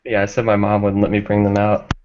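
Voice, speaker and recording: A man chatting briskly in a casual group call. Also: lowish voice, completely flat delivery. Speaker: call participant. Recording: lo-fi call audio with loud background noise.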